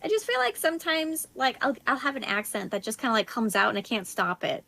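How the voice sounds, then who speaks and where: A woman's voice: on the high side, very animated, quick pace, gravelly, bright, forceful tone. A woman guest in a casual chat, hesitant and giggly, often trailing off mid-sentence. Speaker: streamer guest.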